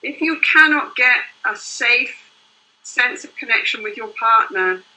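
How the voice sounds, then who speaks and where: A woman's voice: on the high side, animated, unhurried, pushed and bright, rough recording. An older woman, a couples therapist, explaining her work in earnest, flowing interview answers. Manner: earnest, explains in long flowing runs with "you know" and "right?".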